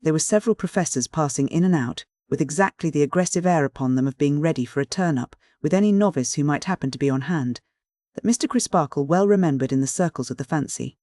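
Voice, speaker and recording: A man reading an audiobook in measured, even storytelling. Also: on the high side, dry recording, clean studio sound. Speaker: audiobook narrator. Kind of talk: scripted audiobook narration.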